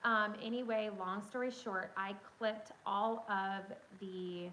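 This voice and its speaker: Woman livestream host on a phone mic, mid pitch, casual and chatty, speaks straight to her viewers with a faint noise floor. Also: slow, poor audio. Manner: chatty, excitable, addresses viewers directly. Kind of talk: casual storytelling chat.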